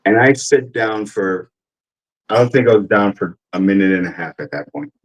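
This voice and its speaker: A man's voice: lowish voice, expressive, normal speed, low-quality recording. Rambling, profane army veteran man. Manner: rambling, profane, with many fillers. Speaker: army veteran telling stories. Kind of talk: casual storytelling.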